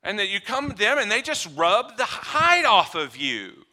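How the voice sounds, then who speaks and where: A man preaching a sermon, shifting between quiet low passages and loud emphatic ones, acting out little dialogues with humor. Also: very animated, moderate pace. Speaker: pastor.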